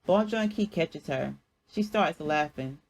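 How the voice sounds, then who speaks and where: A woman artist reading a chapter of her own story aloud in a plain, even way, with small restarts. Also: deep voice, unhurried, low-quality recording.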